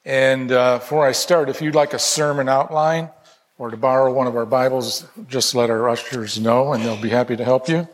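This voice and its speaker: A man's voice: medium pitch, fairly even intonation, moderate pace, slight background noise. A male pastor delivering a Sunday sermon, conversational and lightly humorous, reading aloud from Scripture. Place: church sanctuary. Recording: long reverb of a church hall.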